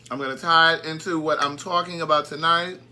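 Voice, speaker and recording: Bright, forceful man chatting on a live stream. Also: on the high side, steady tone, brisk. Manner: chatty, greets viewers by name; easily sidetracked. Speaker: writer hosting a live stream. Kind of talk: casual live stream chat.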